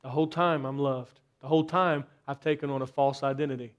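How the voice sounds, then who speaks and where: A man's voice: mid-range voice, steady tone, brisk, muffled recording. A man preaching a sermon in a church, asking the congregation rhetorical questions and building up intensity in bursts. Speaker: pastor.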